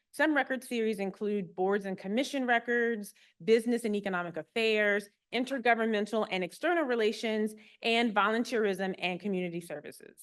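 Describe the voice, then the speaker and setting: Woman archivist giving a friendly talk. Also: mid-range voice. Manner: friendly, explanatory, lightly humorous. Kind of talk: public talk to an audience. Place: room with a live audience.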